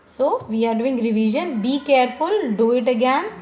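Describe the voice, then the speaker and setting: A woman teacher, giving a lesson to young children, slowly repeating each word and asking questions aloud. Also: high-pitched, animated, a little mellow, highs cut off. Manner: slow, repeats words and asks questions aloud. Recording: very echoey room with faint noise.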